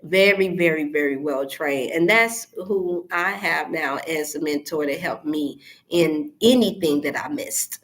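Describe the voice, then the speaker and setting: A middle-aged woman hosts a wellness show, chatting casually to viewers. Her talk turns preachy and animated, pressing points with emphatic questions. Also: low-pitched, unhurried. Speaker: wellness channel host.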